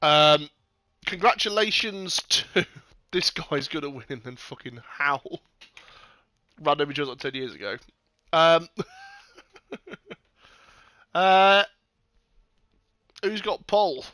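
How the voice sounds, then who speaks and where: Casual stream commentator: a man with a bright, crisp voice and a fairly high pitch, recorded dry, excitable and sweary. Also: slow pace, pauses often, no room sound. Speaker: sim racing commentator.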